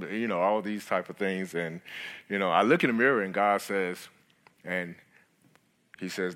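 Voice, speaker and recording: Middle-aged male guest speaker, lower voice, earnest halting sermon testimony. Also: fairly even intonation, a bit bright. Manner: halting, earnest storytelling with many restarts.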